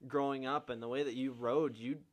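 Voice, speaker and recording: A man's voice: mid-range voice, fairly even intonation, fairly quick. A young man hosting a podcast in casual chat, laid-back, peppering his talk with swearing and fillers. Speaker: podcast host.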